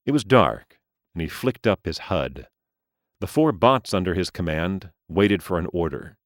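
Story narrator, man, deep and unhurried, dry close mic. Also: animated, no room sound.

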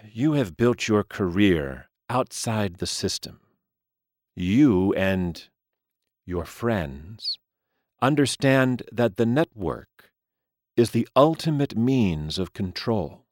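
A man voicing Mister Lee, an aging, smooth-spoken crime boss with a calm, formal, measured manner. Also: lowish voice, no room sound, studio quality, pitched above the performer's own voice.

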